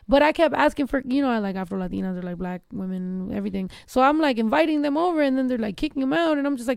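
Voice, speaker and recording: A woman's voice: fairly high pitch, fast talker, creaky, few pauses, a little mellow, clean tone, no room sound, studio quality. A woman co-hosting a podcast, telling brash, profane stories in casual slang-filled chat. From Mexican heritage. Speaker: podcast co-host.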